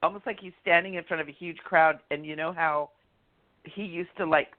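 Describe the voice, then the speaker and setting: A man co-hosting a casual radio talk show as a medium, bubbly and excitable, full of likes and you-knows. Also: fairly high pitch, moderate pace. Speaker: co-host and medium. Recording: tinny phone line.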